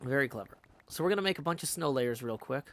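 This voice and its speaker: Talking fast and with plenty of animation, a man at medium pitch livestreams himself playing a game. He chats casually, thinks out loud, and keeps correcting himself partway through sentences.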